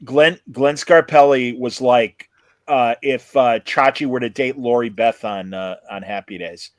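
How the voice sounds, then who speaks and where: A man hosting a casual chat about TV and movies, animated and quick to correct the others. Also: medium pitch, no room sound. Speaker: podcast host.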